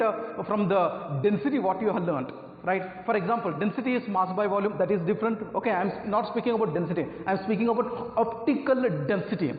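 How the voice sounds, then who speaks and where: A man's voice: sits high, echoey room, long reverb tail, phone-quality sound. A man teaching a physics lesson, repeating points and often checking with "right?" amid frequent fillers. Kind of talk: classroom lecture.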